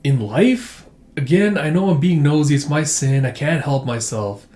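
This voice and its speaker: A man's voice: a little high, expressive, normal speed, darkish tone, natural voice. A man doing a polite, nosy priest. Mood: inquisitive. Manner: polite, inquisitive. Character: gentle but firm male priest. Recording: echoey room.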